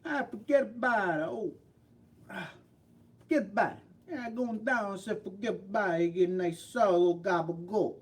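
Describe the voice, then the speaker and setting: A man's voice: high voice, moderate pace, pitched above the performer's own voice, lightly acted. A man doing a caricatured Philadelphia local. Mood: gruff. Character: gruff local Pennsylvania man heading to the races.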